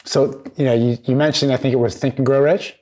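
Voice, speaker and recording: A man's voice: mid-range voice, steady tone, brisk, dark tone. A man hosting an interview, asking long, thoughtful, rambling questions. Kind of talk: casual interview.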